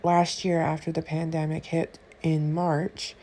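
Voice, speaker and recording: A woman vlogging, telling a personal story to her viewers in an indignant, animated way with quick asides. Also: low-pitched. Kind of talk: casual storytelling to camera.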